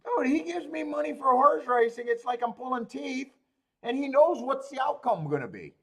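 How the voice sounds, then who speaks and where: Man, racing-betting stream host, higher voice, swings wildly in pitch, loose and profane. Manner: animated, swearing, laughing, fast rambling with restarts. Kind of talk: casual livestream chat.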